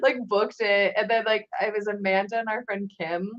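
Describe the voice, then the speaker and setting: A woman's voice: mid-range voice, normal speed, dull audio. A woman in a casual chat, telling a story with lots of laughter and filler words. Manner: animated, laughing, many "like" fillers. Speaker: guest cosplayer.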